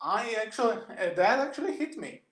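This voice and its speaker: A man with a fairly high voice co-hosts a casual podcast and talks through film scenes with eager detail. His voice bounces around a roomy, echoey space. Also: big pitch swings, fairly quick, a bit bright. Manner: eager, retells scenes at length. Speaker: podcast co-host.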